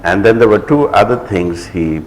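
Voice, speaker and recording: Filmmaker panelist, low voice, thoughtful and hesitant. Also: male voice, animated, moderate pace, slight background noise, poor audio. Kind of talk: panel discussion. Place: festival hall.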